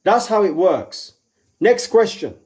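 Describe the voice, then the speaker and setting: Guy giving a live pep talk, bit of a high voice, repeats stuff for emphasis, jumps up high doing quotes. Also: big pitch swings, slow pace, a little mellow. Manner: emphatic, repeats key phrases. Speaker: motivational speaker.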